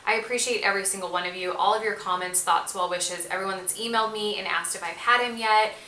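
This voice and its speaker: Young woman vlogging, bright voice, chatty and gushy, kinda echoey room w faint hiss. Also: medium pitch, fairly even intonation, fast talker. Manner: chatty, gushing, many fillers like "like". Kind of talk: casual chat to camera.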